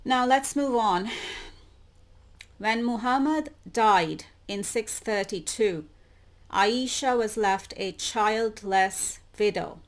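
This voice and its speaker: Slow-spoken woman musing over articles. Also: medium pitch. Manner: slow, musing, stresses words by repeating them. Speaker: YouTube channel host. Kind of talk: reading and commenting on web articles.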